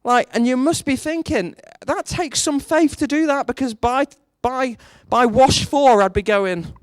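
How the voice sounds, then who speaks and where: Lively preacher, dry close sound. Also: male voice, extremely high pitch, a little slow, no room sound. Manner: storytelling, animated, rises sharply for emphasis; rhetorical questions to the congregation. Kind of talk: sermon.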